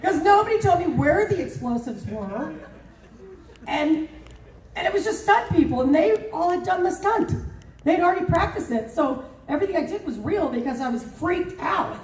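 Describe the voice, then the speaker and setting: A woman voice actor telling stories at a convention panel, animated and laughing, with many fillers. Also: very high-pitched, normal speed, slight background noise. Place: large convention hall. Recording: roomy hall, mic far off.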